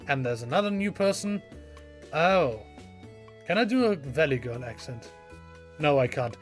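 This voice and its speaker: A chatty man narrating a cozy farming game as a let's play host, casual and self-deprecating. His voice sits a bit high for a man, with faint game music underneath. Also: big pitch swings, a little slow, long pauses. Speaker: gaming channel host.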